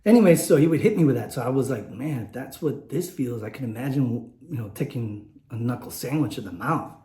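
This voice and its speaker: A man's voice: mid-range voice, lively intonation, fairly quick, warm tone, echoey room. A man in his late forties telling a personal story on his vlog, rambling and candid, with many fillers and restarts. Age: late 40s. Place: indoors, warm room.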